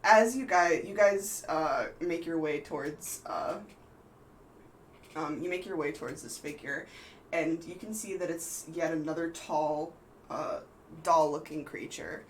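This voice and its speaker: A woman's voice: low-pitched, measured pace, a little hiss or hum, low-quality recording. A woman narrating as game master of a tabletop game, hesitant and full of ums and restarts.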